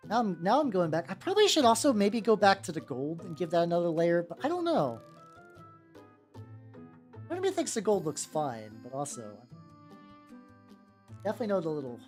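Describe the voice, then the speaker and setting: A woman's voice: lowish voice, sing-song, brisk, pauses often, a little mellow. A young woman from the United States chatting casually on a livestream while painting miniatures, rambling with many restarts, fillers and casual swearing. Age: young adult. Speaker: VTuber streamer painting miniatures. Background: faint background music.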